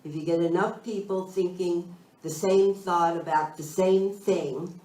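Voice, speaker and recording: A woman minister giving a slow, thoughtful spiritual talk, searching for her phrasing as she goes. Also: lowish voice, steady tone, dark tone. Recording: roomy sound from a distant mic.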